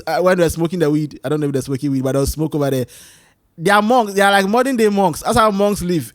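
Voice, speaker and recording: A man hosting his own solo talk show, rambling and animated as he tells stories, often restarting his sentences. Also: fairly high pitch, fast talker, dry recording. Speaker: podcast host. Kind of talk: casual solo chat.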